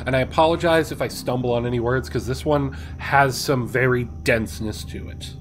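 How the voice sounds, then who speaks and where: A man's voice: medium pitch, a little fast, soft background music. Man chatting with his stream chat. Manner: swears casually. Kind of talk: live-stream story reading.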